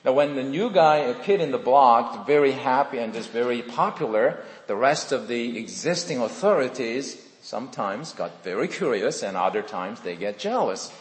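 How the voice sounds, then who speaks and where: A man's voice: mid-range voice, animated, moderate pace, hardly any pauses. A middle-aged man with a Korean accent, preaching a sermon as pastor in a friendly, chatty way with self-deprecating asides. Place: church sanctuary. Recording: echoey hall with long reverb.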